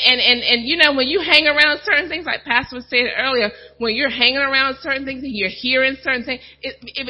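A husky, middle-aged woman preaches a testimony to her church, lively and full of playful asides. The recording is muffled and lo-fi. Her pitch sits in an ordinary middle range for a woman. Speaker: first lady of a church, preaching. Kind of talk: sermon testimony.

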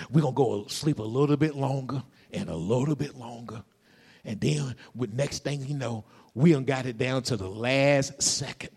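A man preaching a sermon in a Southern Black church style, dropping to whispers and rising to shouts. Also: medium pitch, creaky, husky. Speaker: pastor. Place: church sanctuary. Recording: reverberant hall.

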